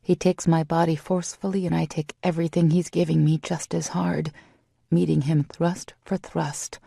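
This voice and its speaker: A woman narrates a first-person romance audiobook in an intimate, steady way. Her lowish voice is husky, dark and full of vocal fry. The recording is close and dry. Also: normal speed, dry recording.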